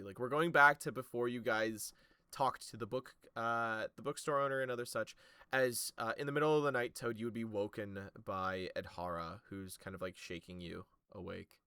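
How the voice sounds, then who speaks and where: A man running a tabletop game, talking loosely with lots of fillers and bursts of laughter. His voice sits at an ordinary pitch. The sound is dry and close, with no room around it. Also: bright, forceful tone, clear, resonant tone, no room sound. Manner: casual, laughing, swears freely. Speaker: game master.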